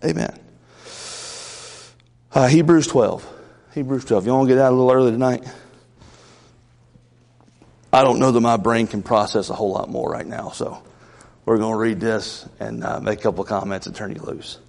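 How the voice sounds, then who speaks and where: A man's voice: mid-range voice, fairly even intonation, moderate pace, creaky, pauses often, a little mellow, big-room sound. A man from the South, a pastor preaching a Wednesday night sermon in an earnest, conversational way with asides. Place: church sanctuary.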